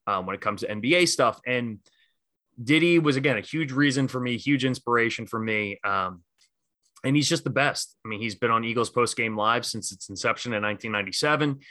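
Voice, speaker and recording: A man's voice: medium pitch, a little fast, bright, forceful tone, no echo. A man co-hosting a casual sports podcast, talking enthusiastically and rambling with fillers and restarts. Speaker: podcast co-host.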